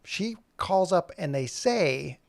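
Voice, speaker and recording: A man streaming his animation work, chatting casually and thinking aloud in a rambling, jokey, self-mocking way while he fumbles with his software. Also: high-pitched, lively intonation, slow pace, vocal fry, no room sound, clean studio sound. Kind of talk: casual live-stream chat.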